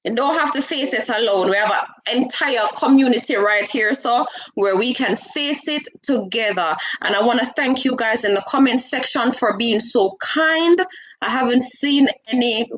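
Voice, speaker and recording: A woman hosting a live stream, giving animated, coaxing advice and slipping into patois. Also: on the high side, normal speed, low-quality recording. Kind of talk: casual live-stream chat.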